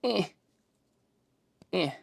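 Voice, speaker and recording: A young woman from Rhode Island, chatting casually on a live stream, rambling, swearing freely and poking fun at herself while answering chat. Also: drawn-out words. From Rhode Island, USA. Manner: rambling, profane, self-deprecating; reads out and answers chat messages.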